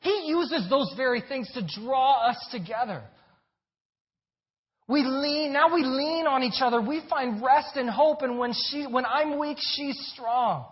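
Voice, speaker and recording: A pastor with a high voice delivers a sermon earnestly and emphatically, unhurried, circling back over his words to press each point. The recording sounds dull and lo-fi.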